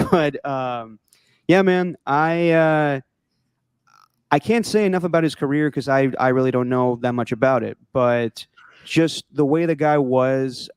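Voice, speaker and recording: A man co-hosting a sports podcast, talking in a relaxed, reflective way with fillers. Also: mid-range voice, smooth, no echo, studio quality. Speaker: podcast co-host. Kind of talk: casual sports chat.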